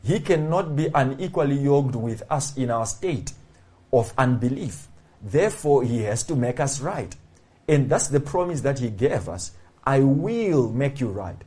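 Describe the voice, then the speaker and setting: A man's voice: medium pitch, expressive, normal speed, dark tone. A male pastor delivering a sermon, emphatic and repeating key phrases for stress.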